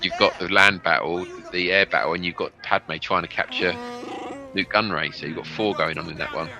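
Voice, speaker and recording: A man's voice: sits low, fairly quick, vocal fry. A man co-hosting a casual movie commentary, chatting with trivia. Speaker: podcast co-host. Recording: film soundtrack playing behind.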